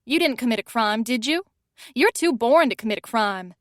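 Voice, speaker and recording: A woman's voice: fairly high pitch, animated, fairly quick, no room sound, clean studio sound, close to an everyday voice. A woman reading an audiobook, voicing a blunt, sassy young woman friend who mocks and scolds dramatically. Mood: teasing. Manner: mocking and dramatic.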